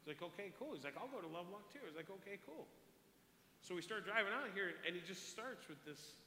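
A man preaching from the pulpit, his voice bright and forceful and a little high for a man. He swings from hushed, intimate asides to loud appeals. The sound rings in a roomy church hall with a long reverb and faint room ambience behind. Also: lively intonation, quick pace, a little hiss or hum. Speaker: pastor. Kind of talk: sermon.

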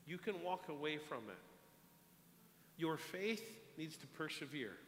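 A man preaching a sermon, telling a story in an animated way and repeating words as he goes. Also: on the high side, unhurried. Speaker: pastor. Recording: echoey hall, long reverb, faint hiss.

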